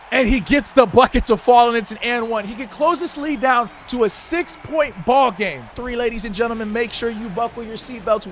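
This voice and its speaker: A man narrating his own basketball video game like a sportscaster, loud and slangy, shouting at big plays. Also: very high voice, slight background noise. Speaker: gaming YouTuber. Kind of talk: playful sportscaster-style play-by-play over a video game.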